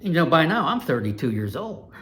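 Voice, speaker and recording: A man in his sixties from Ohio, an animated storyteller recalling his years as a race announcer. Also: on the high side, a little fast. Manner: animated, lively storyteller with big swings in loudness. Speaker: retired dirt track race announcer, channel host.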